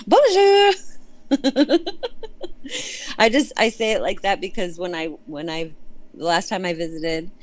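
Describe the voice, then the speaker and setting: A woman's voice: lowish voice, moderate pace, dry recording. A woman co-hosting a casual livestream, playful and goofy, greeting viewers in French.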